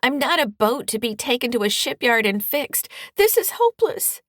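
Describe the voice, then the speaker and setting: A woman voicing a distraught teenage girl who talks in a high-pitched, tearful wail. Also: fairly even intonation, moderate pace, breathy edge, no echo, clean studio sound. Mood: weepy.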